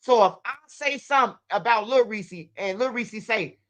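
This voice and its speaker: A woman's voice: fairly high pitch, normal speed. A woman hosting her channel, telling stories in casual, profane, repetitive livestream commentary. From Chicago. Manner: profane, repetitive, animated storytelling. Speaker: channel host.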